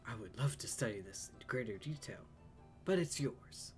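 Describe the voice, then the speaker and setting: A man's voice: medium pitch, expressive, soft background music, lightly acted. A man voicing a polite, scholarly male museum curator in a light put-on Southern US accent, reading game dialogue aloud. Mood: courteous. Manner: courteous, inviting, measured reading.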